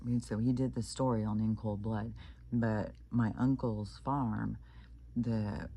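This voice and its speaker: A man's voice: fairly low pitch, gravelly, warm tone, slight background noise. A man from Kansas casually telling a creepy anecdote, rambling with many fillers and restarts. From Kansas, United States. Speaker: channel host. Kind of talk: casual storytelling.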